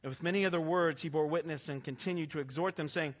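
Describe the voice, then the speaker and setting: A male pastor preaching a sermon with passion, swinging from hushed, slow lines to emphatic ones. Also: fairly high pitch.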